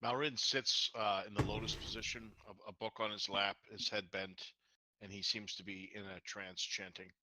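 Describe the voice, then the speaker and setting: A man with a low but sharply bright voice plays a tabletop game and describes what his spellcaster does. He hesitates, filling gaps with fillers, and his voice sounds dry and close. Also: little pitch movement, moderate pace, dry recording, rough recording. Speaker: player. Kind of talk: narrating his character's actions.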